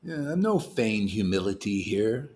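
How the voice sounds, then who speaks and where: A man's voice: lowish voice, very animated, unhurried, a little mellow. A man giving an informal sermon to devotees as a spiritual teacher, emphatic and challenging, talking colloquially and repeating words for emphasis.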